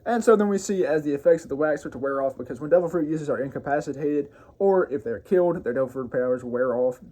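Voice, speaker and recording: A man's voice: on the high side, fast talker, warm tone. A man hosting his own review show, giving a loose, casual recap of an episode with frequent self-corrections and enthusiastic asides.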